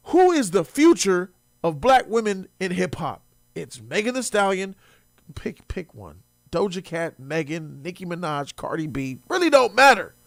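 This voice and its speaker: A man hosting a commentary show, reacting with mocking, animated talk that swings between loud and quiet. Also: sits high, gravelly, dry recording, clean studio sound.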